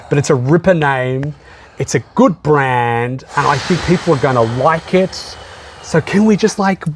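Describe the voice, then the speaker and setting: Pleading man, fairly high. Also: slight background noise. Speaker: show host. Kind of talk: improvised comedy sketch.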